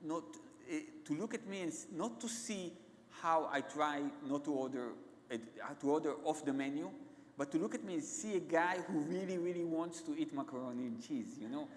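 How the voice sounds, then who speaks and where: A man with an Israeli accent, a guest author telling stories on stage in a halting, self-interrupting way. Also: a little high. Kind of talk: onstage conversation, anecdotal storytelling. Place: large event hall. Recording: echoey hall.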